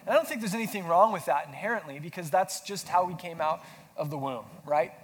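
A man's voice: a little high, lively intonation, quick pace. A pastor preaching a sermon, feeling sick, talking casually and asking his congregation questions. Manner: conversational, self-deprecating humor, asks the audience questions. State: sick with flu. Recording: long hall reverb, faint noise.

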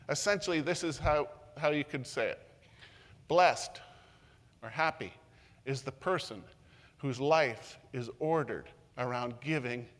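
A man preaching a sermon as pastor, earnest and repetitive, swinging from loud emphatic lines to soft, intimate ones. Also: on the high side. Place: church room with long reverb. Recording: reverberant hall sound.

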